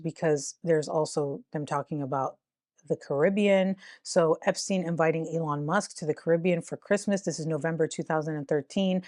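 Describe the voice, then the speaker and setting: A woman's voice: on the low side, a little mellow, no room sound, studio quality. A woman giving casual commentary as a YouTuber, full of sarcastic, incredulous asides.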